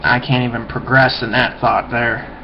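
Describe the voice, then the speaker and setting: A man's voice: medium pitch, level tone, normal speed, vocal fry. Guy rambling and mumbling into his webcam, swears a lot, dull lo-fi sound with a bit of hiss. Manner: meandering, mumbling, profane. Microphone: webcam mic.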